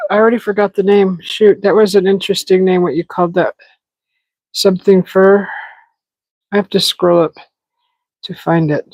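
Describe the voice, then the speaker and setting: A woman's voice: mid-range voice, a little mellow, no echo, rough recording. Chatty giggly woman, dry close sound. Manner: chatty, giggly, restarts often. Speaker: livestream host. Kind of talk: casual live chat with viewers. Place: outdoors in a desert yard.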